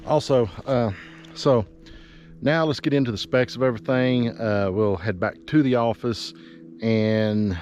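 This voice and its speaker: Here the man's pitch is medium and his pace measured, with a slightly mellow quality and a little hiss or hum on the recording. Out of breath, he rambles with many fillers while giving a casual walking tour of land by a river and hillside as a realtor.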